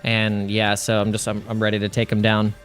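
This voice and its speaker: A man's voice: lowish voice, completely flat delivery, brisk, fairly bright tone, faint music behind. A man hosting a casual crypto livestream, rambling, restarting his sentences and laughing at his own jokes.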